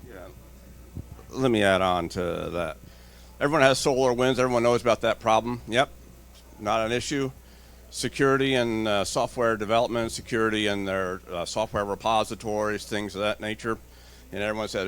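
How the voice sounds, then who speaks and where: Man, conference panelist, lowish voice, blunt, joking, acts out quotes. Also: fairly quick, fairly bright tone, clean tone. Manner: storytelling, acts out dialogue in quotes. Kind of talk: panel discussion. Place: conference stage.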